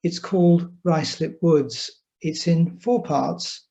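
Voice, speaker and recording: Slow, gravelly man from the London suburbs. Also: on the high side, warm tone, lo-fi sound. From England (London suburbs). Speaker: poet introducing his poem.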